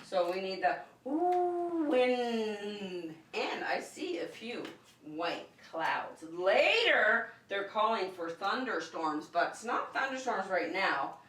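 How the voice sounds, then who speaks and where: A woman's voice: mid-range voice, very animated, slow, bright, forceful tone, far from the mic. A woman leading an online circle time for young children from her home, in cheerful, sing-song teacher talk. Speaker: preschool teacher. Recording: echoey room, voice off-mic.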